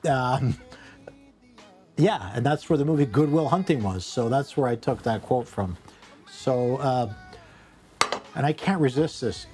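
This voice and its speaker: A middle-pitched man chatting through a home cooking vlog, wandering from thought to thought and poking fun at himself. Now and then he bursts out in excited exclamations, and soft music plays faintly behind him. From Canada. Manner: rambling, self-mocking, excitable bursts. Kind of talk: casual cooking vlog chat.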